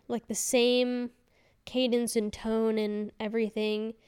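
A woman's voice: on the high side, darkish tone, smooth. A woman in her thirties hosting a casual solo podcast, rambling candidly with fillers and self-corrections. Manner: chatty and candid. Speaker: podcast host.

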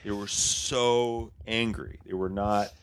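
A man's voice: on the low side, steady tone, takes it slowly, slight background noise. A man from Canada who writes for comedy shows, telling rambling stories in casual podcast chat, swearing freely. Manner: rambling, swears freely, quotes people in voices.

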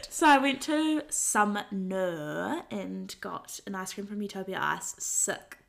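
A woman's voice: mid-range voice, lively intonation, unhurried, creaky, a bit bright. A woman, co-hosting a casual podcast chat in a studio, dry and teasing. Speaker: podcast co-host.

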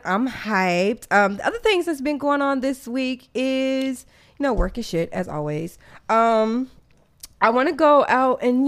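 Excitable, laughing woman podcast host. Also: a little high. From American South. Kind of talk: casual podcast chat.

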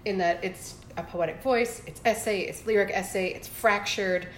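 A woman's voice: medium pitch, normal speed, roomy sound, slight background noise. A woman co-hosting a podcast in casual chat, dreamy and enthusiastic, with lots of "like" fillers. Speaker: podcast co-host.

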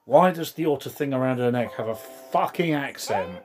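A man's voice: medium pitch, animated, moderate pace, a little mellow, soft background music. A man, rambling and swearing casually as he comments on a film he is watching. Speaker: film reviewer.

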